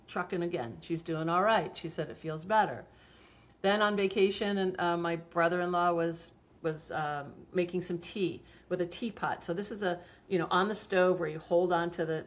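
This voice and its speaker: Chatty woman telling stories, dull recording. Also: on the low side. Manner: chatty storytelling, laughs often, frequent fillers. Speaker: homeopathy practitioner, guest. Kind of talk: casual interview talk. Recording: dull lo-fi sound.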